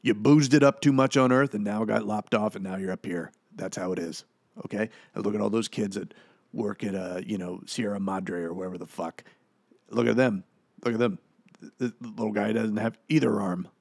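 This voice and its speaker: A man's voice: fairly low pitch, moderate pace, gravelly, darkish tone, no room sound, clean studio sound. A man playing the rambling, profane ghost of a washed-up male actor in a comedic audio commentary, full of fillers. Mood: indignant, profane.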